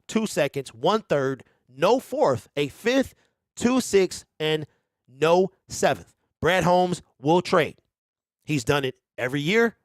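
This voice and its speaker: This is a man from Detroit with a high voice, hosting a casual fan commentary stream. He is animated and keeps hyping his viewers, checking in with them constantly. His voice is recorded close and dry. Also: dry recording. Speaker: sports show host.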